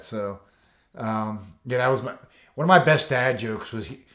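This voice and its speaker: A man's voice: mid-range voice, moderate pace, a bit bright. A man, a coach, telling stories in a casual interview, loose and rambling with lots of fillers, acting out the lines of the people in them. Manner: loose and rambling, full of "you know" and "like", acts out quotes. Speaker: coach and foster dad, interview guest. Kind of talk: casual storytelling in a podcast interview. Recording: roomy echo.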